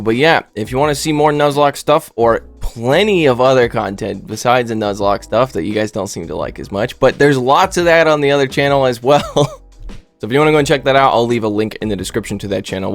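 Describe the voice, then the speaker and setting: A man casually commentating on his online game battles, joking and rambling with silly asides. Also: medium pitch.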